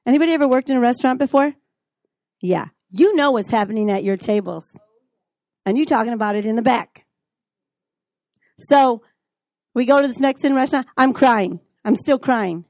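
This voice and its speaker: A middle-aged woman teaching the Bible, telling her own story in a lively way and acting out the dialogue. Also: a little high, moderate pace, pauses often, dry recording. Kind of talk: teaching with personal testimony. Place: classroom.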